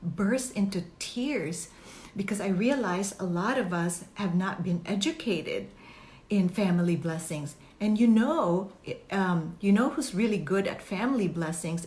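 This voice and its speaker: Earnest woman host in an echoey room. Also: medium pitch. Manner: earnest, openly personal, rambling with fillers and restarts. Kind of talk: casual personal talk.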